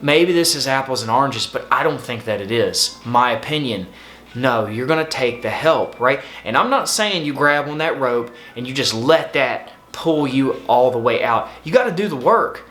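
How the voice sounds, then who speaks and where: A man speaks in a medium-pitched voice, earnest and a little pleading as he repeats his points. The sound is roomy, with echo around him. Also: animated, normal speed, fairly bright tone. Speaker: host. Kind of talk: earnest advice talk.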